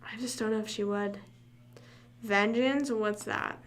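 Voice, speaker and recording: A woman's voice: medium pitch, fairly even intonation, unhurried. A young woman hosting a casual livestream, chatting loosely, rambling and humming to herself between thoughts. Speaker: livestream host. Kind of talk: casual live chat.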